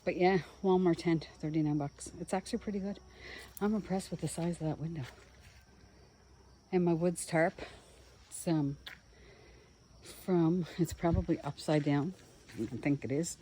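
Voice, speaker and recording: A chatty solo camping vlogger speaks in a fairly low, dark-toned voice at normal speed, with long pauses, rambling to the viewer as she works. She's at a noisy outdoor campground, where the ambience includes passing trains and planes.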